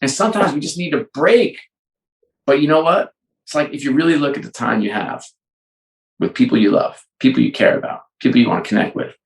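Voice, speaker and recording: A man talks with energy and warmth of conviction, jumping between voices as he plays out conversations. His pitch sits at an ordinary middle. The sound carries a noticeable room echo. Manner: energetic storyteller, acts out both sides of dialogues. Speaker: guest, sports and entertainment executive. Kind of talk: animated podcast conversation. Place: home.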